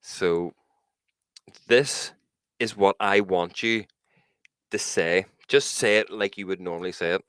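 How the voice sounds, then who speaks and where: A man's voice: sits low, slow, pauses often, fairly bright tone, clear, resonant tone, no room sound. A young man with a Northern Irish accent, co-hosting a casual podcast, swearing and laughing a lot. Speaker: podcast co-host. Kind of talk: casual banter.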